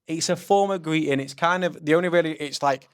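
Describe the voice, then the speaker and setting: A man's voice: a little high, a little fast, clean tone. A young man from England with a Nottingham accent, hosting a casual podcast chat and quizzing his guest in a chatty, teasing way. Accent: Nottingham English. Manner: chatty and teasing, animated quiz-master delivery. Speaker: podcast host.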